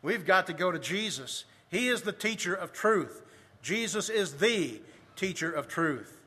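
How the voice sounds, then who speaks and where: A man preaching a sermon, reading scripture in old-fashioned wording and slowing down to stress key phrases. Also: high voice, animated, pushed and bright, husky. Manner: reads scripture in King James wording, slows for emphasis. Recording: long hall reverb.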